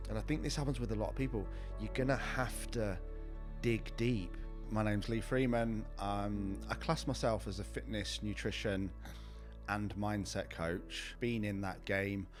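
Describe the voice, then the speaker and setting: A man's voice: fairly low pitch, moderate pace, music in the background. A man, a fitness and mindset coach telling his life story openly in an interview, full of "you know" fillers. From England. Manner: open, reflective, lots of "you know" fillers.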